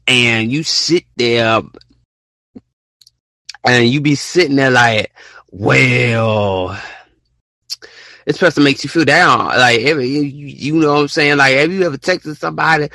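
A man's voice: mid-range voice, measured pace, pushed and bright, dry recording. A young man hosting a casual solo podcast, rambling and repeating himself as he acts out text conversations. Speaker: podcast host.

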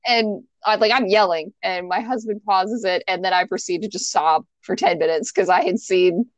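A woman's voice: mid-range voice, normal speed, dry recording. A young adult woman co-hosting a podcast, telling a story in casual chat with lots of fillers and the odd swear word. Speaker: podcast co-host.

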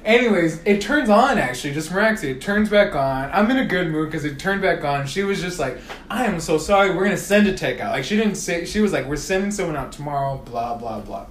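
A man's voice: a little high, lively intonation, quick pace, reverberant, a little hiss or hum. A man telling a long story in casual chat, swearing freely and acting out both sides of phone calls. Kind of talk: casual storytelling among friends.

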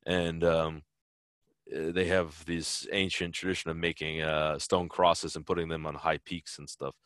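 A man's voice: very deep voice, flat delivery, unhurried, a bit bright, clear, resonant tone, no echo, clean studio sound. A man answering interview questions in a loose, rambling way, full of fillers and restarts. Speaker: interview guest, traveler. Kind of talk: casual conversational interview.

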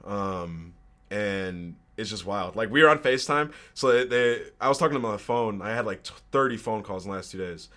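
A man's voice: on the low side, animated, a little fast, bright, forceful tone. A man in his twenties, a podcast guest, casually telling a personal story with slang and swearing. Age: 20s.

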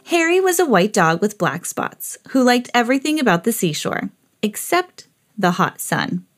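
A woman hosting a podcast, reading a children's picture book aloud in an expressive storytelling voice. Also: moderate pace, faint music behind. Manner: expressive, jumps high for quoted characters. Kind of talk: read-aloud storybook narration.

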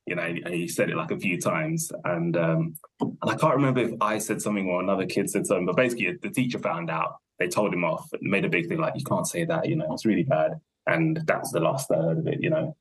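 A young man, a podcast guest thinking aloud in a relaxed, rambling way, full of fillers and self-corrections. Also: low-pitched, quick pace, slight background noise. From London, England. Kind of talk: casual conversational interview.

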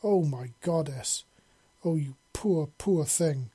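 A man voicing a warm, emotional young woman in an audiobook, effusive and affectionate. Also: normal speed, husky. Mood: wailing. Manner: effusive, raised pitch.

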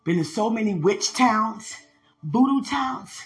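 An evangelist podcast host telling mission stories in excited preaching testimony, laughing often, repeating phrases and using street slang. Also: mid-range voice, takes it slowly. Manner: uses slang and street talk.

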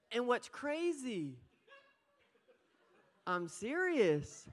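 A woman preaching an energetic sermon, playful and animated, often talking straight to the crowd. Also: fairly high pitch, slow pace, long pauses. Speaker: pastor.

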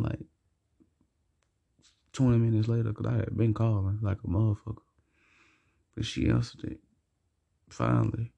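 A man's voice: on the low side, gravelly, warm tone. A young man casually telling a rambling, slangy, profane personal story for his vlog.

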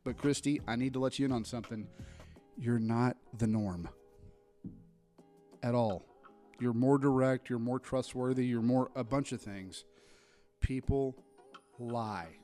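A man of about thirty hosts a relaxed podcast, spinning stories from the sales floor and slipping into the voices of the people in them. His pitch sits in the middle range, and faint music runs underneath. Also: a little slow, long pauses. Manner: animated storyteller, acts out customer exchanges. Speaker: podcast co-host, car salesman. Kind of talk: casual podcast chat.

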